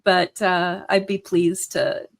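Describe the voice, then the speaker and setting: A woman with a fairly low voice speaks as a guest in a relaxed interview. She talks earnestly and with enthusiasm, filling her sentences with small fillers. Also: takes it slowly, creaky. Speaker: guest, hypnotherapist. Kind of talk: casual interview chat.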